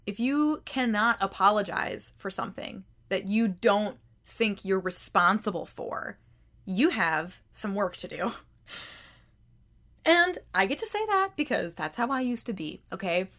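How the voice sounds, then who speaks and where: A woman's voice: medium pitch, expressive, a little slow, a bit bright. A woman hosting a self-help podcast, talking conversationally with emphatic rhetorical questions and frequent repeated words. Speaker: podcast host.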